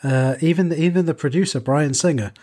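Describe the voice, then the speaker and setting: A man's voice: fairly high pitch, a little fast, dark tone. A man in a casual chat who tells a long, rambling story full of fillers and self-corrections.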